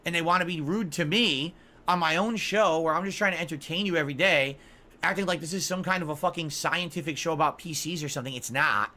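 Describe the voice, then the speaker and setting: A man's voice: a little high, quick pace, sharp tone. A man in his forties, a gaming streamer, ranting defensively and scolding his audience on his podcast stream. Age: 40s.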